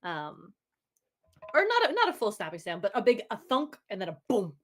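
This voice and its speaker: A woman's voice: medium pitch, wildly swooping pitch, moderate pace. A woman narrating a tabletop game as game master, rambling with fillers and frequent laughter.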